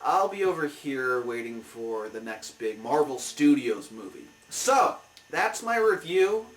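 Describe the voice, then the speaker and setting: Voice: mid-range voice, very animated, unhurried, distant mic. A comic review show host rants through a movie review, heated and exasperated. The voice sits back from the mic in a roomy, echoing space.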